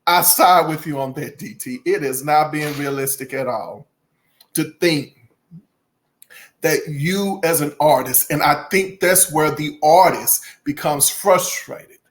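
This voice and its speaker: A chatty, animated music channel host speaks to viewers directly in casual commentary, laughing often and adding folksy asides. The mid-range voice keeps a measured pace.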